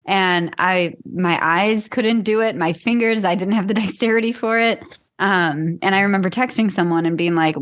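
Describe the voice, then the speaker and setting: A woman's voice: on the low side, moderate pace. Wry, candid young woman. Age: young adult. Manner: wry, candid, laughing between lines. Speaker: podcast co-host, teacher. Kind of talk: casual chat.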